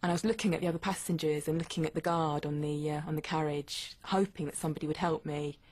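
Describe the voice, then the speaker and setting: Low, flat-voiced woman. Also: fast. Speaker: interviewee recounting an incident. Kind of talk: testimony interview.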